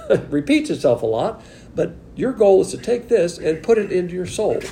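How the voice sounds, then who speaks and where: A man's voice: sits high, huge pitch swings, normal speed, creaky, dark tone, slight background noise. A man preaching a sermon, emphatic and conversational with blunt asides. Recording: echoey room with faint ambience.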